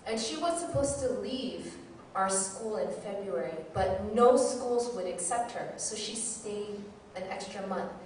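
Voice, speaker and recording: A woman's voice: medium pitch, measured pace, a little hiss or hum. A woman who teaches, giving a candid, self-deprecating personal testimony as a sermon. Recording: very echoey hall, mic far off.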